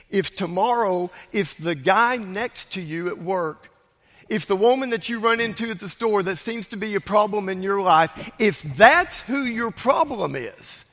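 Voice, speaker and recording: A man preaching a sermon as a pastor, emphatic, swinging between loud urging and hushed, quiet lines. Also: high voice, long reverb tail.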